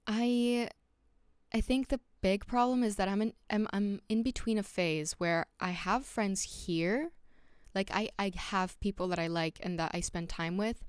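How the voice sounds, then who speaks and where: Young woman, podcast host, casual solo talk, lowish voice, chatty and candid, restarts a lot. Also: clean tone, no room sound, studio quality. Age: young adult. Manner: chatty, lots of "like" and "um", frequent restarts; candid and reflective.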